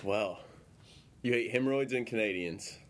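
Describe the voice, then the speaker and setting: A man's voice: on the low side, normal speed. A male podcast host asking casual questions, laughing often. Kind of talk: casual interview.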